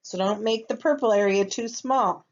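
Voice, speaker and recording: A woman teaching a first grade lesson, speaking patiently and checking in with her young students. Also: on the high side. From United States. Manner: patient, slow, checks in with "okay?". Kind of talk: recorded classroom lesson. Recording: slightly dull lo-fi recording.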